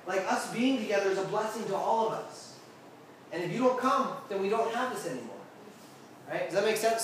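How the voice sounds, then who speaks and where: Youth preacher, male, high voice, chatty and interactive, recorded from afar in a very echoey room. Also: fairly bright tone, a little hiss or hum. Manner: constantly checks in with the listeners. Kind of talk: casual interactive sermon. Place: air-conditioned room with a group. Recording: very echoey room, mic far off.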